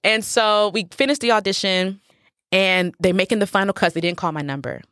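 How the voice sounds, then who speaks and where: A woman in her thirties, a professional dancer, telling a story as a guest in a casual interview. She is animated, acts out what people said and laughs often. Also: mid-range voice, fairly quick, no echo, clean studio sound.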